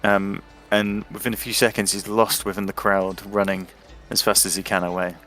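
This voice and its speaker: A man narrating as dungeon master, measured with frequent ums. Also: lowish voice, level tone, bright, forceful tone, soft background music. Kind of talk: tabletop game narration.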